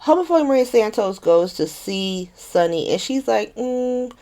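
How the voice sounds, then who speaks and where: A woman hosting a podcast who recaps a soap opera in a casual, animated and sarcastic way, laughing often. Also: medium pitch, moderate pace. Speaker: podcast host.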